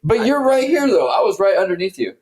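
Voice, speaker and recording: A man's voice: high voice, fairly quick, breathy edge. A man co-hosting a podcast, telling a story in casual, profane chat and acting out the lines he quotes. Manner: animated storyteller, swears a lot, acts out quotes. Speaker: podcast co-host.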